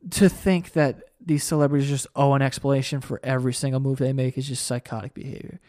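A man's voice: medium pitch, darkish tone, dry recording, studio quality. A young man hosting a solo podcast, ranting in a heated, profane and sarcastic way. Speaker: podcast host.

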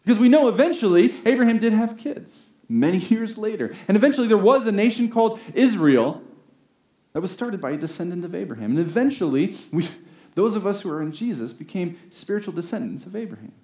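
A man preaching a sermon, earnest, rising to emphatic peaks and slowing down on key phrases. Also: sits high, lively intonation, darkish tone. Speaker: pastor. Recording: roomy echo.

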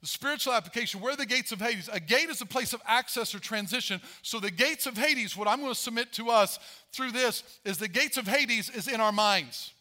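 A man preaching a sermon as pastor, animated, acting out Bible voices as he tells the story. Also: very high-pitched, fairly quick.

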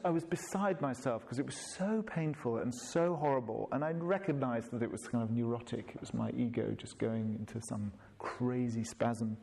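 A man's voice: mid-range voice, a little mellow. A man telling a reflective personal story in a wry, self-deprecating way, laughing at himself.

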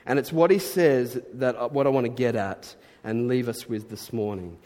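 A man preaches to his congregation in an earnest, conversational way that swells into emphatic bursts. His voice sits at a middling pitch. It rings with long reverb, as if carried through a large hall. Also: moderate pace, darkish tone. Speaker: pastor. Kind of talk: sermon.

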